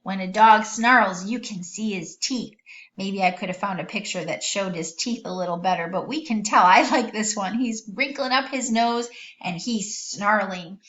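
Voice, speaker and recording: A woman's voice: medium pitch, normal speed, a bit bright. Woman teacher for a kids' vocabulary lesson, patient and sing-song, recorded in an echoey room with dull audio.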